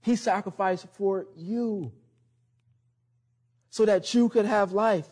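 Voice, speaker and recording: A man preaching a conversational sermon, laughing often and dropping low and soft on key words. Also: slow pace, husky. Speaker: pastor.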